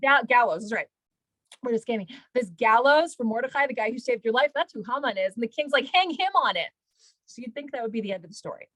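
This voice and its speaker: A woman's voice: on the high side, quick pace, a bit bright, dry recording, rough recording. A woman, a rebbetzin, retelling a story in casual talk, full of fillers and acted-out quotes. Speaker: rebbetzin, Torah teacher.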